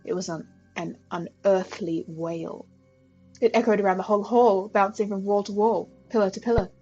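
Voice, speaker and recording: A woman streamer reads a visual novel aloud in a steady, first-person narrating voice at a mid pitch. She sometimes trips over a word and restarts it, with faint music running behind her. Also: normal speed, lo-fi sound. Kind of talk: reading a visual novel aloud with casual asides.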